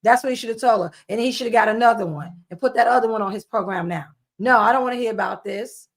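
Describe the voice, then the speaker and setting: A woman with a fairly high voice scolds bluntly in casual commentary. She repeats herself for emphasis and talks with flat certainty. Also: fast.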